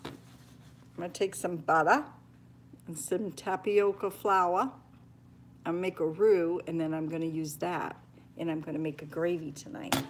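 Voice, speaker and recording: With long pauses and a measured pace, an older woman talks homily to her viewers while cooking in her kitchen on a live stream. Her pitch is fairly low and her intonation fairly even, sometimes falling to a near whisper. She is a homestead cooking vlogger, and slight background noise is present.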